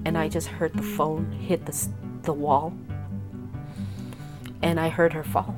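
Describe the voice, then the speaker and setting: A mother being interviewed, retelling her daughter's illness in prison through quoted dialogue, halting with fillers. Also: low voice, flat delivery, over loud music. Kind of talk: emotional personal testimony.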